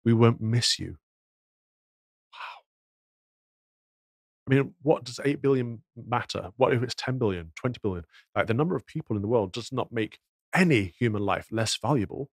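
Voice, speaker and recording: A man's voice: medium pitch, expressive, moderate pace, dry recording. A man giving indignant, moralizing commentary on news clips, full of rhetorical questions. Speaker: podcast commentator.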